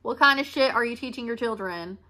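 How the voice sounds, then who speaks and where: Young woman, bright and slightly high voice; raw, blunt confessional monologue. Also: brisk. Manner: blunt, emotional, swears freely. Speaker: podcast host. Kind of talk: candid monologue.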